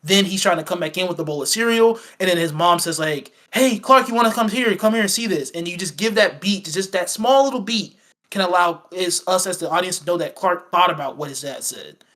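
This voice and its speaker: High-pitched guy going on about a movie, lots of restarts and acted-out quotes. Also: fairly quick, fairly bright tone. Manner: rambling, acts out quoted lines; frequent fillers and restarts. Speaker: podcast co-host. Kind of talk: casual film review chat.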